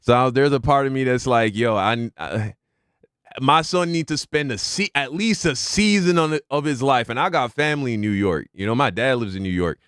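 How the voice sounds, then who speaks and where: A man talking through a live reaction stream, loose and conversational, drifting into side thoughts full of slang. His voice is smooth and clean. It sits close and dry on the mic. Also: medium pitch, normal speed, fairly bright tone, no echo. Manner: laid-back, muses aloud with slang. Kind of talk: casual reaction commentary.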